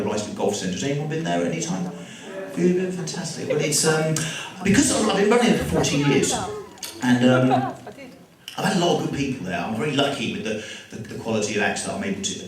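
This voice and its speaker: An English man doing chatty, self-deprecating stand-up comedy to a live audience in a school hall, bantering with the crowd. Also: lowish voice. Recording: echoey hall, mic from far off.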